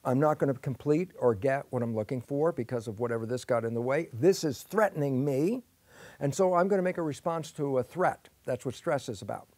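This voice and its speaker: A man interviewed as a guest scientist explains at length in a lively way, acting out both sides of imagined conversations. His voice is medium-pitched and brisk, and the recording is dry.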